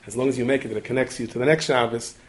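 A man giving a storytelling sermon, talking quickly with digressions, asides and repeated restarts. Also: medium pitch, steady tone. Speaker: preacher telling a story.

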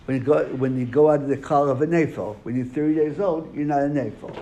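A man teaches a classroom lesson, putting questions to his students and then answering them himself. His voice is a little high, fast and warm. The room is echoey, with faint background noise.

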